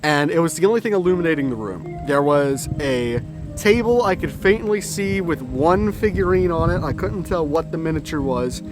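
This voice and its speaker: Clear background music accompanies a young man recounting a story in a loose, rambling way. His voice is fairly high and expressive, his pace moderate, and he swears now and then while correcting himself along the way.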